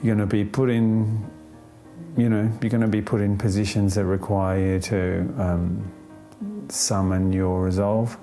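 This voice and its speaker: A man answers an interview question thoughtfully and without hurry, often pausing on fillers and restarting sentences, his tone gently upbeat. His voice is on the low side with little pitch movement, and faint music plays behind him.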